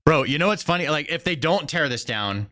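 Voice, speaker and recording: A young man riffing on a live stream, excitable and slangy, swearing freely as he reacts. His pitch swings around a lot. The sound is dry and close. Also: a little fast, no echo. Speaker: streamer host. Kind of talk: casual political commentary stream.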